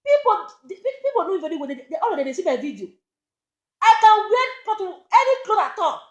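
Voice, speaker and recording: A woman's voice: extremely high pitch, very animated, a little fast, echoey room. A Nigerian woman, a social media presenter talking to camera, pleading and scolding again and again.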